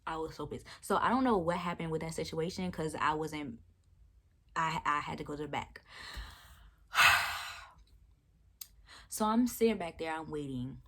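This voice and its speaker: A young woman vlogger telling a storytime about a rude customer, animated, blunt and profane. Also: sits low, moderate pace, pauses often. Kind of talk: storytime chat.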